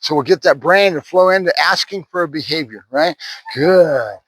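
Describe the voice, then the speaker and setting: A man's voice: on the high side, moderate pace, fairly bright tone, no room sound, rough recording. A man working as a dog trainer outdoors, talking to the camera while cueing and praising a puppy, often tagging "right?" on his points. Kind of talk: running commentary during training.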